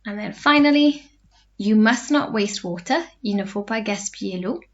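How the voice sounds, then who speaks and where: A woman French teacher giving a recorded lesson, explaining step by step and repeating phrases slowly. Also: medium pitch, lively intonation. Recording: dull lo-fi recording.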